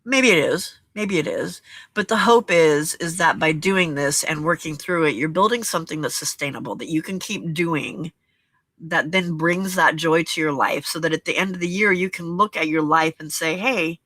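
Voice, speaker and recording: A woman hosting a journaling and crafting challenge, talking to viewers in a gentle, encouraging, reflective way and often checking in with "okay?". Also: low-pitched, normal speed, dry recording. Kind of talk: reflective casual talk to viewers.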